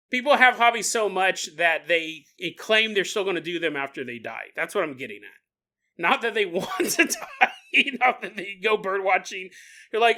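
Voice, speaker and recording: A man hosting a podcast, riffing in a comedic monologue, laughing often and acting out quick voices. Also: high-pitched, animated, bright, forceful tone. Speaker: podcast host.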